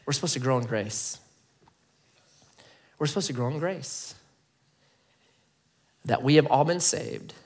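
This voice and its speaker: Male pastor mid-sermon; emphatic, dynamic, loud-to-hushed delivery. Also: on the high side.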